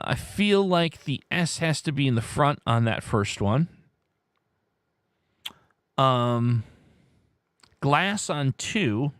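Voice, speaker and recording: Man, hoarse, excitable livestream host, animated pitch, dry room. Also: no echo. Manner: animated, excitable, shouts "No!" at wrong guesses. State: hoarse, voice worn out. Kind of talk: live word game stream, reading chat guesses.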